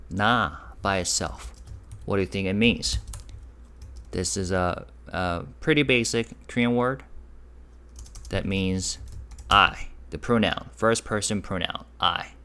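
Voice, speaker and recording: A man with a deep voice leads a casual online language lesson. He explains patiently, repeats each example and keeps checking in with the viewers. His voice springs upward whenever he stresses a new word. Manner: lively, pitch jumps up on key words. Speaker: Korean language teacher.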